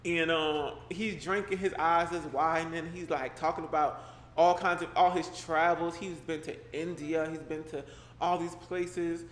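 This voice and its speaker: A young man streaming live, reading a horror story aloud and breaking off to joke with viewers in loose, slangy chat. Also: a little high. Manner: animated, slangy and joking, breaks off to react to chat. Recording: roomy echo with faint background noise.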